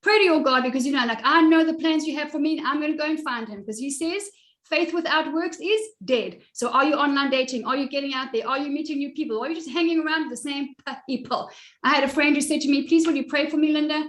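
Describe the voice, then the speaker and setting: A woman's voice: high-pitched, fast, fairly bright tone. A middle-aged woman coaching a live online group on style and confidence, talking boldly and directly, teasing her listeners and laughing often. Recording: echoey room.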